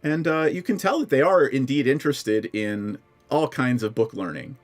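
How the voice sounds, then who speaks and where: A man running a tabletop game as dungeon master, narrating with many pauses and fillers. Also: mid-range voice, lively intonation. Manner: hesitant, filler-heavy narration.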